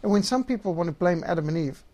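A man's voice: high-pitched, animated, quick pace, a little mellow. A man teaching systematic theology, reading scripture passages aloud and stressing key words. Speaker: Bible teacher.

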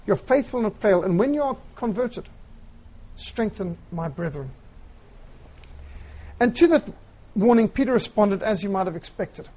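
A man preaching a sermon, retelling scripture in an earnest storytelling way with quiet, emphatic phrasing. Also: sits high, lively intonation, moderate pace, pauses often, low-quality recording.

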